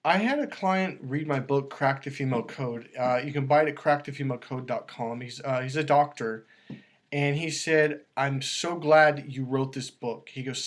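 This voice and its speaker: A man talking as a dating coach, emphatic and lively, acting out quoted voices as he explains. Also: on the high side. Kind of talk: animated coaching talk.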